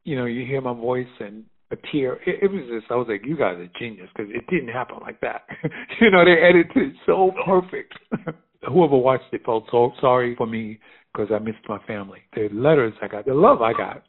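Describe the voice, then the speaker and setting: A middle-aged man from the United States telling stories in a casual conversation, animated and quick to laugh, acting out the voices of people he quotes. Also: mid-range voice, slightly rough. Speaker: fashion designer guest. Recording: phone-like narrow sound.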